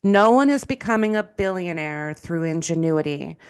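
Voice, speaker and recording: A woman's voice: on the low side, expressive, moderate pace, clear, resonant tone. A woman co-hosting a casual podcast, talking emphatically and chiming in with agreement. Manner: emphatic, frequent agreeing fillers. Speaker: podcast co-host.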